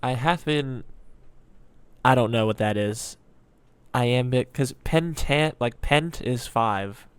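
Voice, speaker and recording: A man's voice: mid-range voice, slow pace, clear, resonant tone, dry recording. A man hosting a reaction video, musing aloud with rambling commentary and frequent ums.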